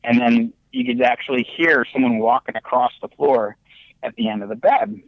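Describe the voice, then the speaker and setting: A man telling his ghost story as a podcast guest, animated and excitable, with big jumps in his voice. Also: mid-range voice, moderate pace, creaky, dry recording. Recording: dull, lo-fi remote audio.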